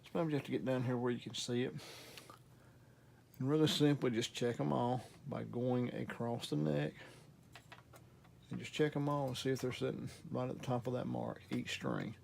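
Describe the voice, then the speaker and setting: This guitar repair host from the American South explains a setup in his relaxed, folksy, self-mocking style. The voice is mid-range, creaky and darkish, steady and at normal speed, with slight background noise.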